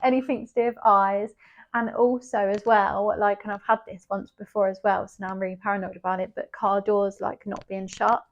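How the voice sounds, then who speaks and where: A woman's voice: medium pitch, level tone, brisk, hardly any pauses, highs cut off. A young woman in a casual chat as podcast co-host, giggling and acting out scary moments.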